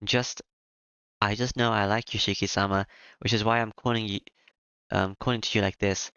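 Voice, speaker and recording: A man reading the part of a gentle, devoted young maid woman from a game, with a halting delivery full of small fillers. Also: on the low side, fairly even intonation, smooth, dry recording. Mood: pleading. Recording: dull lo-fi with music behind.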